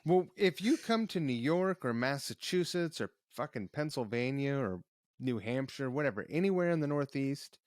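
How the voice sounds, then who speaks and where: Podcast host: mid-pitched man, chummy and profane, dry close recording. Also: expressive, moderate pace, dry recording. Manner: laid-back, profane, chummy. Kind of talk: casual podcast chat. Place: home on the East Coast.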